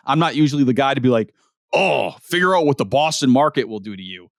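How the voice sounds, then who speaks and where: A man co-hosting a podcast, talking sports in casual, profane, animated chat. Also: mid-range voice, clear, resonant tone, dry recording, studio quality. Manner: animated, profane, rapid-fire opinions. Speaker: podcast co-host.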